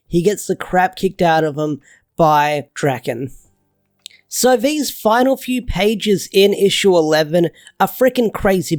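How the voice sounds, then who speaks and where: A man giving a casual, excitable comic book review, gushing and rambling loosely. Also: high-pitched, no echo.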